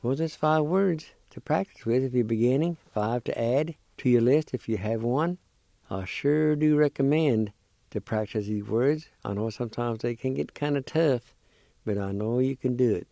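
A man patiently teaching words syllable by syllable on a radio lesson, repeating each sound slowly. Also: mid-range voice, vocal fry, warm tone, dry recording. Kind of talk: slow spelling and pronunciation lesson.

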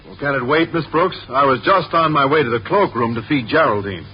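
A man's voice: medium pitch, fairly quick, close to an everyday voice. An actor playing a mild-mannered, bashful male science teacher in a 1950s radio sitcom, heard in a dull old radio broadcast with faint hiss. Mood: earnest. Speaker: biology teacher.

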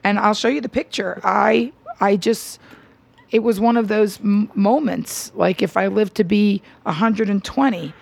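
A middle-aged woman comedian telling an animated story in an interview. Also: mid-range voice, unhurried, vocal fry, no room sound. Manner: animated, tells anecdotes with acted quotes. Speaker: stand-up comedian and radio host.

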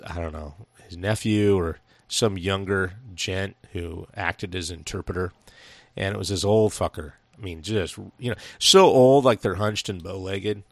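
A man's voice: on the low side, dry recording. A man from Washington state co-hosting a podcast, telling rambling, profane stories in casual chat about a film. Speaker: podcast co-host.

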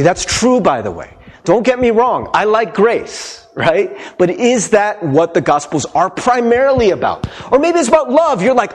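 A man preaching a sermon as pastor, playful and animated, asking the congregation many questions. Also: high voice, normal speed.

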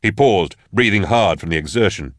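Low, lively male storyteller. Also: no room sound, studio quality. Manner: measured, dramatic storytelling. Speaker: audiobook narrator. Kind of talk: scripted narration.

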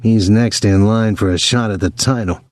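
Guy reading as a cocky teen brother, deadpan sarcastic, lowish voice, dry sound. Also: normal speed, dry recording, close to an everyday voice. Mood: mocking. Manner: mocking, placid, dry sarcasm. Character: defiant mocking teenage boy, tough older brother.

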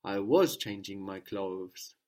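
A man's voice: on the low side, expressive, slow pace, a little mellow. Patient male language teacher. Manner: patient, prompting with questions and repeating answers. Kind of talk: guided language lesson.

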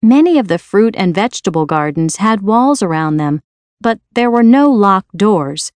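A woman narrating a storybook in a clear, even, careful reading voice. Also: mid-range voice, normal speed, no echo. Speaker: audiobook reader.

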